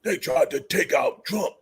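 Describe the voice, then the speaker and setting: Blunt, animated man chatting on a livestream. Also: sits high, husky. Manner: blunt, profane and animated, laughing often; talks to chat viewers by name. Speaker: livestream host and former wrestler. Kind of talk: casual livestream chat.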